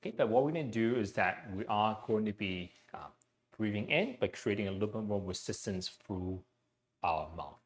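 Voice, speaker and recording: A man leading a guided breathing exercise class into his own mic, speaking gently, with frequent "okay" and "um". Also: fairly low pitch, animated, moderate pace. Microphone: personal mic.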